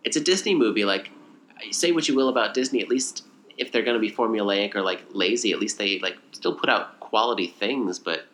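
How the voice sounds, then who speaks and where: Low bright-voiced man recapping a movie. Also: a little fast, slight background noise. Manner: rambling, animated retelling with acted quotes. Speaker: podcast co-host. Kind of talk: casual movie recap chat.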